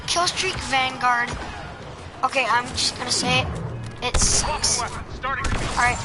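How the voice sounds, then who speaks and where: Hesitant woman over loud game music. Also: high voice, slow. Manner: hesitant, full of ums and restarts. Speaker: gameplay commentator. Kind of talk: casual gameplay tips commentary. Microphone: headset. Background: game music and sound effects.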